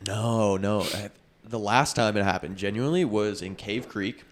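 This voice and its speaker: A man's voice: on the low side, normal speed. A man co-hosting a podcast, telling stories in a laid-back, blunt way. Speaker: podcast co-host. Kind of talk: casual chat.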